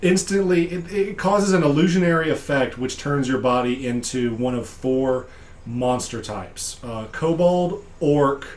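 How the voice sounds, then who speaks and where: A deep-voiced man talks through a tabletop session recap in a loose, digressive way. He laughs easily and keeps the tone casual. His voice rings in a roomy, echoey space. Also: measured pace, a little mellow. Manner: chatty, digressive, laughs often. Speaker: game master recapping a session.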